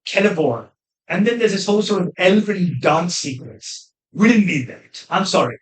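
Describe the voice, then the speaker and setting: A man with a fairly high voice gives trailer-reaction commentary. He rambles with plenty of asides and sounds openly exasperated and opinionated. The recording rings with the echo of a bare room. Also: animated, normal speed. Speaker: film reviewer. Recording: echoey room.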